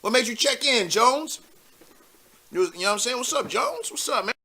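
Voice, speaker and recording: A man hosting a live call-in show, chatting casually in slang and getting animated as he tells stories. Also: very high voice, brisk, slight background noise. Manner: animated, slangy, laughs while telling stories.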